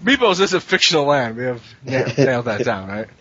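A man's voice: medium pitch, sing-song, a little fast, fairly bright tone. A man hosting a casual panel chat, rambling and correcting himself as he talks. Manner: rambling, self-correcting, laughs often. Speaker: podcast host. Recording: dull lo-fi audio.

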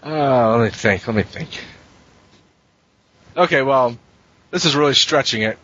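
A man's voice: mid-range voice, unhurried, fairly bright tone. A man hosting a casual panel chat, rambling and correcting himself as he talks. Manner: rambling, self-correcting, laughs often. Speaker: podcast host. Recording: dull lo-fi audio.

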